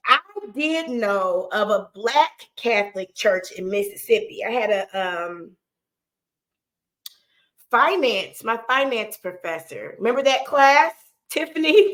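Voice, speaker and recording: Woman host, high voice, lively reaction commentary, laughs through lines, chats straight to viewers. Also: low-quality recording. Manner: animated, laughs often while talking; talks straight to her viewers and co-hosts by name. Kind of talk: casual live reaction commentary.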